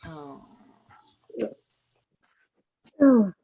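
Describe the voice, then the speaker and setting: A woman's voice: high-pitched, extremely slow, creaky, mellow, poor audio. A woman on a video call introducing herself and her harp piece in a chatty, self-deprecating way. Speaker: harpist performer.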